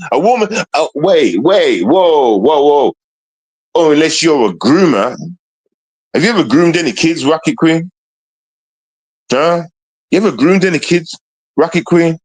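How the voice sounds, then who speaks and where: Man ranting with taunting questions. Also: on the high side. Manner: confrontational, repetitive, taunting rhetorical questions. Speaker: streamer. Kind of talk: ranting livestream monologue.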